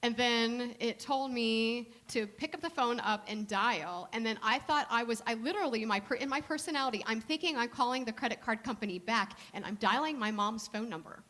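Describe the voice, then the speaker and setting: A woman with a fairly high voice delivers a sermon like a relaxed chat with her congregation. She tells personal stories in an easy, conversational way and slows down, going soft and deliberate, whenever she lands a point. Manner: conversational storytelling with slow soft emphasis. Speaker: minister.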